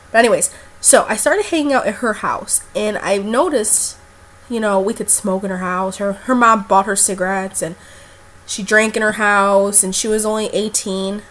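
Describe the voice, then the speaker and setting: A woman's voice: medium pitch, fairly bright tone, a little hiss or hum. A young woman vlogger telling a personal story in a casual, blunt way, with lots of fillers and swearing.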